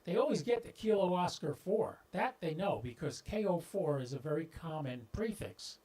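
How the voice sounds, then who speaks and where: A man from the southeastern US hosts a ham radio livestream, speaking straight to viewers in a folksy way about radio practice and stumbling into jokes. His voice is fairly high with a dark tone and lively intonation at a normal speed. A clip-on mic on his shirt gives rough audio with popping and scratching.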